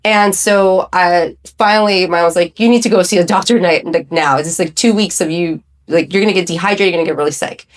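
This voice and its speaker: A woman around forty, a podcast guest telling her own story in casual chat, animated and acting out what others said. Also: lowish voice, fast, hardly any pauses. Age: 30s. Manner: animated storytelling with quoted voices.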